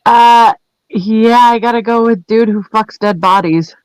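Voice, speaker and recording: A woman's voice: fairly high pitch, steady tone, measured pace, clear, resonant tone, no room sound, rough recording. A woman co-hosting a casual podcast, making crude offhand remarks. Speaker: podcast co-host.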